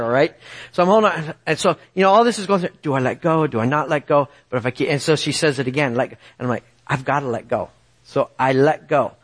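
Middle aged guy preaching, animated storyteller, keeps asking the crowd "right?", voice a bit high. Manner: animated storytelling, tag questions to the audience. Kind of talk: sermon.

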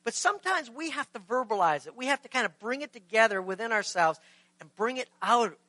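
Bright high-pitched preaching man. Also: lively intonation, a little fast, no room sound, rough recording. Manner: earnest preaching, acts out short quoted exchanges. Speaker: pastor. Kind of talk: sermon.

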